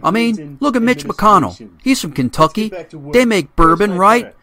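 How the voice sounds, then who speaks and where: A man doing an impression of a loud, brash male senator from a northeastern city. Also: on the high side, animated, moderate pace.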